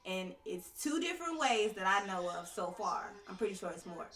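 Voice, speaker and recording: A woman's voice: mid-range voice, sing-song, moderate pace, fairly bright tone, recorded from a distance. Slang-loving woman explaining with conviction. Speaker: guest, tantric sex coach. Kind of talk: casual podcast conversation. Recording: roomy, a little off-mic.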